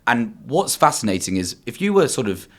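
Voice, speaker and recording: A man's voice: mid-range voice, sing-song, fairly quick. A young man, a podcast guest chatting casually, enthusiastic and rambling with many fillers. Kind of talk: casual chat.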